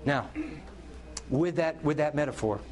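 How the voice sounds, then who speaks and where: A middle-aged man preaching a sermon. His voice sits a little high for a man. He tells the story with animated delivery and briefly acts out the people in it. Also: measured pace. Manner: animated storytelling, acting out characters' lines. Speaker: pastor.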